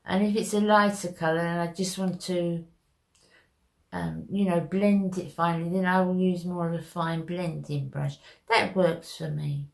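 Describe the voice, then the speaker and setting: A woman's voice: lowish voice, gravelly. A woman talking viewers through a makeup tutorial in a chatty, step-by-step way. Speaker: makeup vlogger.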